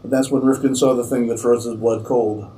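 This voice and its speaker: Mellow-voiced man reading his fiction aloud. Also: medium pitch, level tone, brisk, a little hiss or hum, rough recording. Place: convention reading room.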